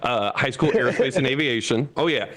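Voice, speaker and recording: A man in his thirties from Florida performs a stand-up set for an online comedy show, speaking from a chair. His voice sits at a middling pitch and turns animated, jumping up high whenever he quotes other people. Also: a little fast. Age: 30s.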